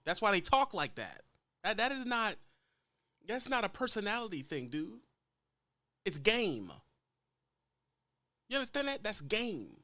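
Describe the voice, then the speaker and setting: A man's voice: high voice, big pitch swings, unhurried, pauses often, sharp tone, no room sound. A man who drives trucks, bluntly lecturing younger drivers in a casual, profane vlog rant. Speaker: truck driver giving advice.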